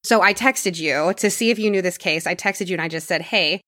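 A woman's voice: fairly low pitch, fairly quick, bright, forceful tone, dry recording, clean studio sound. A woman hosting a podcast, telling a true crime story in a casual conversational way and dropping her voice for grim details.

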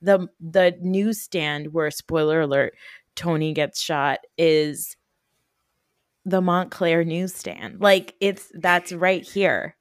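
A woman in her thirties with a New Jersey accent, hosting a podcast in animated, casual chat full of fillers and swearing. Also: sits low, slow pace, no room sound, clean studio sound. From North Jersey, USA. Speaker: podcast host.

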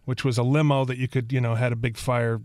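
Guy guest telling stories, rambly and animated, dry close sound. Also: medium pitch, quick pace, dry recording. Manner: rambling, animated storyteller who acts out quotes. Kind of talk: casual interview storytelling.

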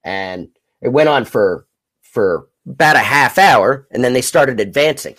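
A man's voice: mid-range voice, expressive, a bit bright. Male podcast host, casual history rundown, midrange voice, loose delivery. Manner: rambling, halting with fillers.

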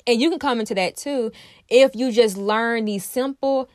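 A woman's voice: fairly high pitch, moderate pace, a little mellow, dry recording. Earnest woman host, dry close sound. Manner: earnest, emphatic, repeats phrases, addresses listeners directly. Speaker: podcast host. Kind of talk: personal self-help monologue.

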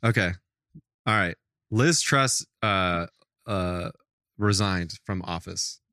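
A man's voice: low voice, slow, bright, forceful tone, smooth, no room sound, studio quality. A man co-hosting a comedy podcast, teasing the others in playful casual banter. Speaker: podcast co-host.

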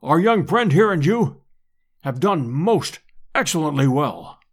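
A man's voice: on the high side, sing-song, measured pace, breathy edge, heavily acted. A man reading an audiobook and voicing a pompous, vain elderly professor who speaks in lofty formal phrases.

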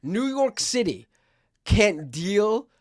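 A man trades sarcastic jokes as co-host of a loose panel chat. His voice is high for a man. The recording is dry and close. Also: very animated, takes it slowly, dry recording. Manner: joking, sarcastic. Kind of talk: casual panel banter.

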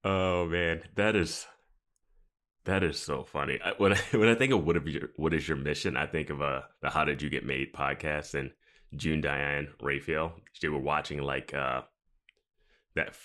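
A man's voice: extremely low pitch, fairly even intonation, normal speed, a bit bright. A man co-hosting a podcast, chatting casually and rambling with lots of fillers and laughter. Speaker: podcast co-host. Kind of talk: casual chat.

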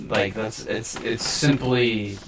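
A man's voice: on the low side, steady tone, slow, distant mic, noisy background. A man co-hosting a podcast in casual chat, rambling and hedging with frequent restarts and filler words. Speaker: podcast co-host. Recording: voice a bit off the mic.

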